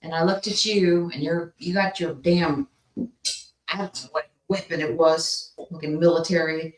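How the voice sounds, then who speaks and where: Woman co-host, animated storyteller, lowish voice, roomy sound. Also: a little slow. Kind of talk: casual storytelling chat.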